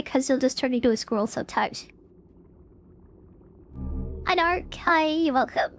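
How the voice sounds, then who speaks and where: Woman streamer, high and bouncy pitch, casual play-by-play gaming chatter. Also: lively intonation, a little slow, pauses often, a bit bright, faint music behind. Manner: chatty, filler-heavy, talks to chat.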